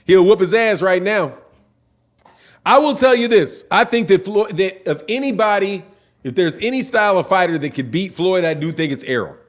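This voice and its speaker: A man's voice: sits high, moderate pace. A man hosting a casual boxing livestream, reading super chats aloud in slangy, repetitive, laughing talk. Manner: animated, slangy, repeats himself, laughs often. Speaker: boxing channel host.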